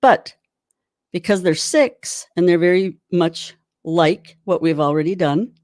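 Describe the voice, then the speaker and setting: A woman's voice: on the low side, a little slow, a little mellow, dry recording, studio quality. A woman giving an online drum clinic, chatty and encouraging while she demonstrates rudiments. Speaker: drum instructor.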